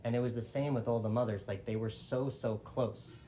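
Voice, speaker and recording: A man's voice: mid-range voice, steady tone, brisk, warm tone, a little hiss or hum. A man telling an old epic in a casual, chatty way, full of fillers like "like" and small restarts. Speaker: storyteller. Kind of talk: casual oral storytelling.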